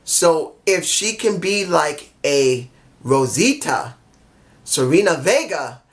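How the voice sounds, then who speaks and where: A man giving a casual solo review of a wrestling show, rambling and excitable, often losing track of names. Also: fairly high pitch, slow pace.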